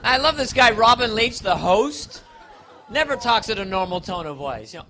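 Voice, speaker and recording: A man's voice: high voice, sing-song, normal speed, pushed and bright, a little hiss or hum. A man doing a live stand-up comedy set on a club stage, playful and self-mocking.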